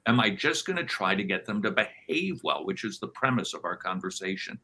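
A man's voice: on the low side, very animated, a little fast, sharp tone, rough recording. A man guest on a podcast, speaking emphatically in a sermon-like conversational way and acting out quoted voices. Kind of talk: conversational interview, sermon-like teaching.

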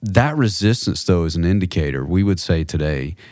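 Deep low guy cohosting a podcast, thoughtful, a bit joking, dry close mic. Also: lively intonation, a little fast, a little mellow, no echo. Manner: reflective, personal storytelling with light humor. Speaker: podcast co-host. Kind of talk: casual conversation on a faith-based podcast.

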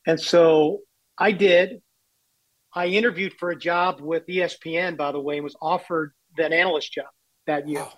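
A man's voice: a little high, steady tone, moderate pace, no echo, rough recording. Candid storytelling man in his sixties, dry sound. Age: 60s. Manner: candid, self-deprecating anecdotes. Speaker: baseball executive guest. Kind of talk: storytelling interview.

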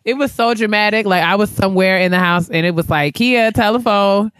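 A woman's voice: mid-range voice, fast talker, a bit bright, smooth, no echo, clean studio sound. A woman co-hosting a podcast in casual chat, reacting often with exclamations. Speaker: podcast co-host.

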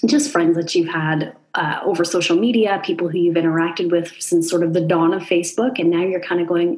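A woman's voice: on the low side, expressive, moderate pace, few pauses, darkish tone. A woman in her forties, a chiropractor co-hosting a podcast, talking reflectively and thinking aloud. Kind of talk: conversational podcast chat.

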